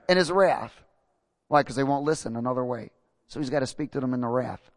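With a mid-range voice, a preacher rises and falls emphatically through his sermon, putting questions to the congregation and reading scripture slowly and deliberately. No room sound is audible.

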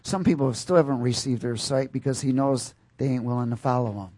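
A man preaching a sermon with animated delivery, calling out questions to his congregation and breaking into loud bursts. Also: medium pitch, brisk, slightly rough, no room sound.

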